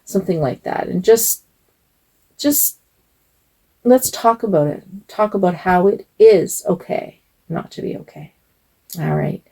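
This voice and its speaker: An older woman hosting her own doll channel, talking to camera in a gentle, chatty, rambling way. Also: on the low side, lively intonation, unhurried, gravelly, long pauses, rough recording. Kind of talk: casual talk to camera.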